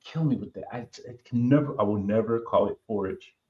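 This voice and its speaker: A man's voice: on the low side, fairly quick, dull audio. A man hosting a podcast, chatting casually and reading viewer comments aloud with a playful, joking manner. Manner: animated and playful, breaks into song and jokes. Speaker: podcast host reading live chat. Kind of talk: casual chat.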